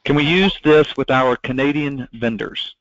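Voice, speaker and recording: A man's voice: mid-range voice, normal speed, a bit bright, no room sound. A man moderating a live webinar question session, courteously reading audience questions to the presenter. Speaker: webinar host. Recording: dull, dry, lo-fi webinar audio.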